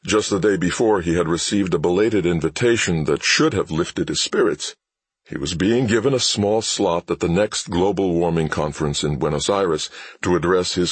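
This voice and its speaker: A man doing scripted dramatic narration of a thriller audiobook in a measured way. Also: low-pitched, husky, no echo.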